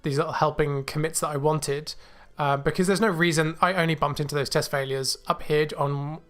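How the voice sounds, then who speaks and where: A man hosting a coding livestream, thinking aloud with many fillers and restarts, a little choked and clearing his throat. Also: a little high, fairly even intonation, a little fast, a bit bright, faint music behind. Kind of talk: casual live coding walkthrough. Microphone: new desk mic.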